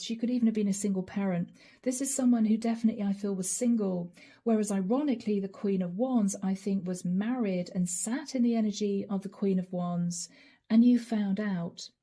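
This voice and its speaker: Hoarse woman giving a tarot reading. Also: medium pitch, warm tone. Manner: musing, speaks directly to each sign by nickname. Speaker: tarot reader. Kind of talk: channeled tarot reading to viewers.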